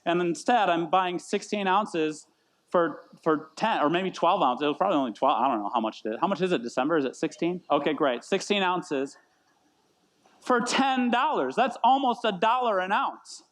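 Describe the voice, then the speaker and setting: At a church meeting held in a brewery, a pastor in his thirties gives a casual sermon in a high, expressive, somewhat bright voice at a moderate pace. He rambles and pokes fun at himself, often repeating words as he tells stories.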